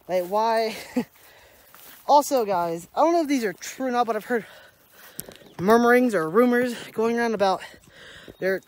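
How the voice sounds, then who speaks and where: A young adult daily vlogger walks around outside on a rural property, talking into a handheld camera and slightly winded. It's a casual, rambling movie review full of chuckles, forgotten names and the same complaints coming back around. The voice is mid-pitched with a darkish tone.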